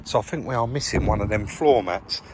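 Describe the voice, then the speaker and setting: A relaxed, chatty man from England talks to camera in a car workshop while he works. His voice sits on the low side, with faint workshop hum behind him. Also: brisk. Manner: chatty, relaxed, says "crack on" and "guys" often. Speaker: car rebuild vlogger. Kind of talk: casual walkthrough talking to camera.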